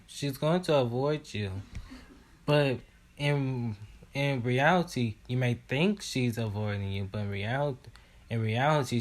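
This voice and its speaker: A man hosting a reaction video, indignantly talking back at the screen in casual commentary. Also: mid-range voice.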